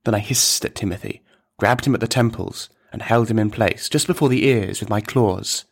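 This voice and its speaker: A man narrating a dark comic story in a measured, deliberate, deadpan manner. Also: lowish voice, gravelly.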